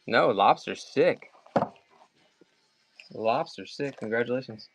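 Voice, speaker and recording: Loud music plays behind a medium-pitched, animated man with a Maryland accent as he sells comics live. He chats casually, rambles, and fires off bids fast.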